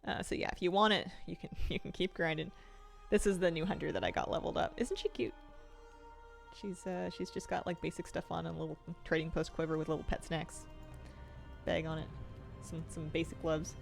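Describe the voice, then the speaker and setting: A woman's voice: deep voice, steady tone, brisk, vocal fry, soft background music. A young woman chatting casually on a game stream, reading chat and laughing often between her comments. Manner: chatty, giggly, answers chat.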